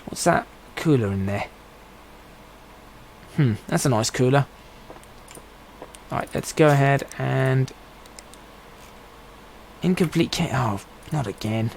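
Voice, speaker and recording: A man's voice: medium pitch, lively intonation, takes it slowly, vocal fry, long pauses, darkish tone, slight background noise, low-quality recording. A man streaming a game, giving casual commentary and musing aloud to himself as he plays. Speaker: gaming streamer.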